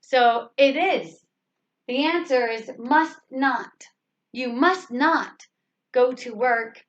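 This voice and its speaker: Slow, high-voiced woman teaching grammar. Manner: patient, repeats sentences and asks rhetorical questions. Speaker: English teacher. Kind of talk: slow grammar lesson explanation. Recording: slightly dull lo-fi recording.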